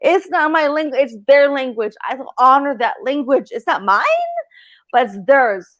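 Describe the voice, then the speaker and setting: Female livestream host, medium; emphatic and profane, higher voice, dry close sound. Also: moderate pace, fairly bright tone, no echo. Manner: emphatic, swears freely, repeats herself. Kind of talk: casual livestream chat.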